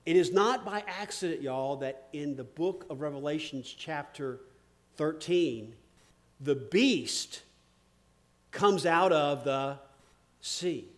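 A man preaching a sermon as pastor. He asks questions, repeats words, and swings from loud emphasis to a hush. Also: high-pitched.

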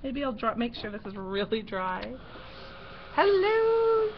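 A woman's voice: mid-range voice, normal speed. A middle-aged woman hosting a casual craft livestream, giggling often as she tells a story while she works. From Canada. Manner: giggly, animated storyteller who laughs often. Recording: dull lo-fi stream audio with faint noise.

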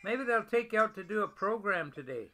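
An older man talking tenderly to his wife over a video call, gentle and affectionate, often repeating pet names. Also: high-pitched, lively intonation, brisk.

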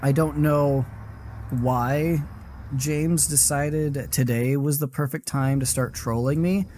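His voice is on the high side and a little mellow, with fairly even intonation and a slow pace, plus slight background noise. He's live-streaming a horror game with casual commentary, rambling, cutting himself off, swearing freely, and laughing often on the side.

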